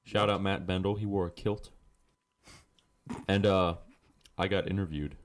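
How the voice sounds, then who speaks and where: A man's voice: low voice, steady tone, unhurried. A young man co-hosting a podcast, teasing his friends and laughing often in casual chat. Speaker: podcast co-host.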